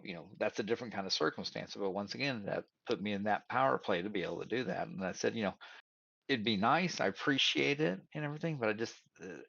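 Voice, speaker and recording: A man's voice: on the low side, vocal fry, a bit bright, dry recording, lo-fi sound. A man giving casual career advice, telling stories and acting out both sides of conversations, calling his listeners "y'all". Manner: storytelling, acts out both sides of dialogues.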